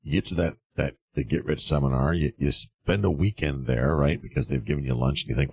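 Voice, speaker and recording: Sarcastic, mocking male commentator with a husky, very low voice; blunt advice monologue. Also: fairly quick, few pauses, a little mellow, no echo. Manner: sarcastic, mocking, acts out quoted people. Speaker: real estate commentator.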